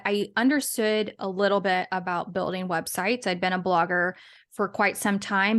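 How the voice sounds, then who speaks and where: A woman with a medium-pitched, slightly bright voice is a guest in a casual interview. She's a business owner and podcaster who chats in a rambling way, often restarting her sentences and laughing a little.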